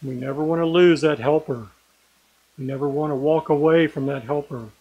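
An earnest man preaching a sermon, his voice sitting a little higher than most men's. He slows down and leans on key words as he reads scripture and drives his points home. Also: a little mellow, slightly rough, low-quality recording.

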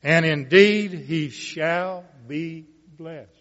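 A man reads scripture and comments on it in a measured, emphatic sermon style. His voice sits a little high and moves very slowly. The sound is dull, with a long reverb trailing behind each phrase. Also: fairly bright tone. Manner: slow, deliberate reading with emphatic rises. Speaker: preacher. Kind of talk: Bible reading with commentary.

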